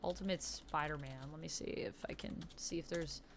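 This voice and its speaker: A deep, steady female voice at a moderate pace carries this casual livestream, with slight background noise. The host talks eagerly about comics, reading viewer comments aloud and replying to them.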